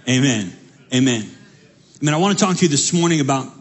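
A young adult man preaching a sermon as pastor, animated, repeating his phrases and stumbling over restarts. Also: medium pitch, quick pace, pauses often, breathy edge.

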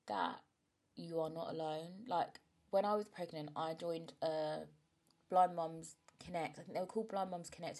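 Casual vlog. Young woman, lowish voice, frank and chatty, a bit emotional. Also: darkish tone. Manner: chatty and frank, swears, many fillers. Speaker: vlogger, mother. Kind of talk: casual chat to camera.

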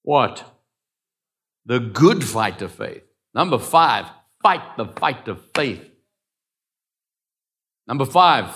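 Bright-voiced preaching man. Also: mid-range voice, big pitch swings, slow pace, long pauses. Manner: emphatic, swings between loud declarations and quiet asides. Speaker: pastor. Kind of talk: sermon.

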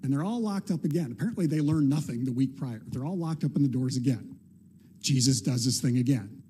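A man's voice: medium pitch, fairly quick, dark tone, slight background noise. A male pastor preaching a sermon in a casual, conversational way, now and then acting out short quoted lines with a playful touch.

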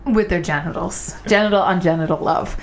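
A woman's voice: lowish voice, a little fast. Rambling, playful woman writer. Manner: rambling, playful, breaks off and restarts. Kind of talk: casual chat.

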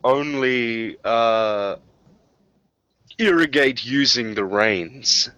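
A man's voice: medium pitch, extremely slow, pushed and bright, no room sound. A man narrating a tabletop game as game master, loose and casual with frequent fillers.

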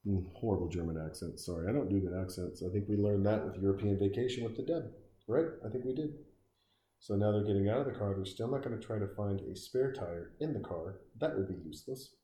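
A man with a very deep, mellow voice delivers profane, sarcastic commentary that rambles from one jab to the next. He is recorded in a roomy space with a noticeable echo. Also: fast. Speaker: commentator reacting to a film.

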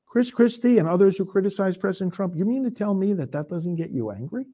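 This priest speaks with a high, warm, animated voice, offering fiery political commentary with a preacher's cadence. He peppers it with rhetorical questions and accelerates in quick bursts as his passion rises.

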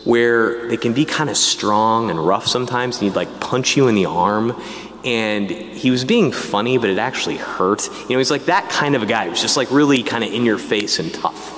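A priest tells his own vocation story in a lively, casual manner, with asides to the listeners. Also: mid-range voice, moderate pace, big-room sound. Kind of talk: personal testimony talk.

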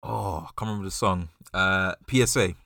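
A man's voice: sits low, fairly quick, vocal fry, bright, forceful tone, no room sound, clean studio sound. A man co-hosting a podcast in casual chat, rambling with fillers and restarts. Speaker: podcast co-host.

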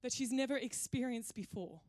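A woman pastor preaches in a conversational, playful storytelling way. Her voice sits fairly high. The sound is dry and close. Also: normal speed, a little mellow, no echo. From Australia. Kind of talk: sermon.

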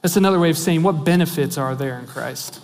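A man's voice: fairly high pitch, fast talker. A man preaching a sermon as pastor, earnest and emphatic, asking many rhetorical questions. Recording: long reverb of a large hall.

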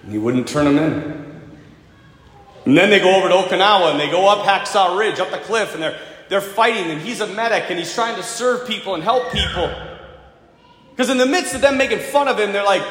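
Animated high-voiced man preaching in echoey church. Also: moderate pace. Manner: animated dramatic storytelling. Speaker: priest. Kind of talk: sermon.

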